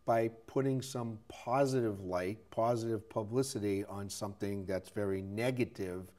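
Low-voiced local TV host. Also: male voice, moderate pace, dark tone. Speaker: TV show host. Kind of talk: local TV interview.

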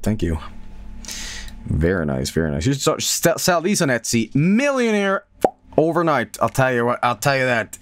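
A man streaming live, chatting casually about viewer art, rambling, laughing often and repeating phrases. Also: mid-range voice.

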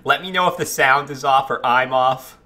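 A man's voice: mid-range voice, moderate pace, pushed and bright. A man chatting casually while streaming a game, greeting viewers and reacting to it. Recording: game music playing behind. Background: faint game music.

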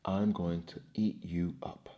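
A man softly voicing a booming bridge troll, whispered role-play. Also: steady tone, slow pace, lo-fi sound. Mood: menacing. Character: fearsome booming male troll under a bridge.

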